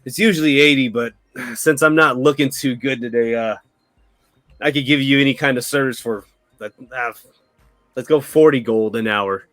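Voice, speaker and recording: Hesitant bruised brothel guy, a man voicing him, halting and unsure, dry close sound. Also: medium pitch, a bit bright, no room sound, lightly acted. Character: nervous bruised male brothel worker.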